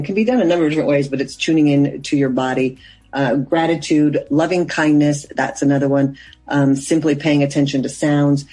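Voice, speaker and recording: Husky woman explaining calmly. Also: sits low, poor audio. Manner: earnest, explanatory, loose sentences with fillers. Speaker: mindfulness coach, guest. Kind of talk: interview answers.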